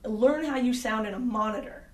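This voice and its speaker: A woman's voice: a little high, normal speed, a little mellow, roomy sound. Woman explaining sound from a distant mic. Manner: direct, conversational with frequent fillers. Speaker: audio engineer. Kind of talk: instructional talk.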